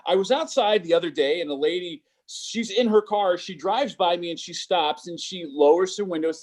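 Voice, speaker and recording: Male stand-up comic on a video call; high voice, halting delivery, lots of ums. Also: lively intonation. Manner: halting, stammering delivery with many fillers. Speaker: stand-up comedian. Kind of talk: stand-up set on a virtual show. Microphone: computer mic on a video call.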